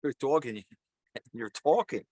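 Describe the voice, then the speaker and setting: A man's voice: mid-range voice, takes it slowly, no echo. An older man playing an astonished visitor who cannot believe what he hears, in a joke told during a sermon. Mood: amazed. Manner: astonished, excited exclamations. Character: amazed man visiting a dog shelter.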